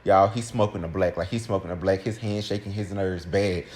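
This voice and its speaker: A young man with a fairly low voice tells a personal story to his viewers. He is animated and chatty and keeps turning to speak straight to his audience. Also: a little fast. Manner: animated, keeps addressing listeners directly. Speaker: storytime vlogger.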